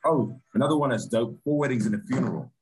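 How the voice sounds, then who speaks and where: A man, a film director, chatting in a relaxed interview, laid-back with many restarts and fillers. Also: mid-range voice, fast talker, soft background music.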